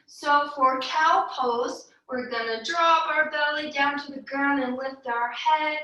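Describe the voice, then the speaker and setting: A young woman leads a kids' yoga class in a high, bright voice, cheerful and encouraging. She takes her time over each cue. The sound bounces around a very echoey room, and she stands some way back from the mic. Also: steady tone, takes it slowly, distant mic, muffled recording. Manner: upbeat and encouraging, with sung cues and playful animal sounds. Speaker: kids yoga teacher. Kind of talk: guiding a children's yoga class.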